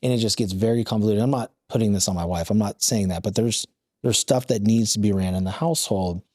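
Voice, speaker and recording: Man, podcast host, reflective, halting speech, mellow tone. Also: on the low side, no room sound, studio quality. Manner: reflective, halting, restarts often. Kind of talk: conversational podcast interview.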